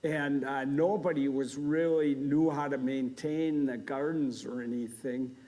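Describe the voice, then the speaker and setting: An older man giving a humorous gardening talk to a live audience, an animated storyteller who acts out scenes with sound effects. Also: medium pitch, a little slow. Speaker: gardening speaker. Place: lecture hall before a live audience.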